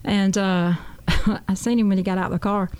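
A woman's voice: medium pitch, level tone, normal speed, darkish tone, smooth. A woman guest on a talk show, telling her testimony in an earnest, folksy way and often repeating "I said.". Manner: earnest, folksy storytelling with a lot of "I said".

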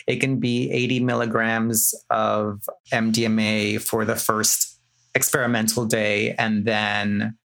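A man's voice: on the low side, little pitch movement, takes it slowly, vocal fry, fairly bright tone. A man taking part in a clinical trial, explaining things plainly and correcting himself in a casual podcast conversation.

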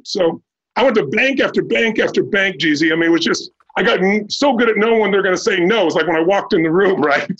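A man in his sixties from Southern California, a podcast guest telling his life story in an animated way, acting out the dialogue. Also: high voice, quick pace, dull audio. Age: 60s. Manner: animated, acts out quoted dialogue in a raised voice.

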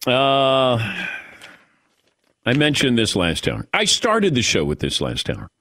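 A man's voice: mid-range voice, huge pitch swings, takes it slowly, fairly bright tone, no room sound. A man hosting a sports talk radio show, bantering playfully with his crew.

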